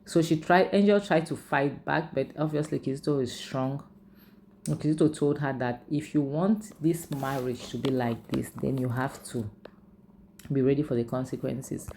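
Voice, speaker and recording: A woman's voice: rumbling low, gravelly, mellow, a little hiss or hum. A woman casually retelling a film's story as a reviewer, chatty and emphatic with frequent asides. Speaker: movie reviewer. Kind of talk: casual storytelling recap with personal opinions.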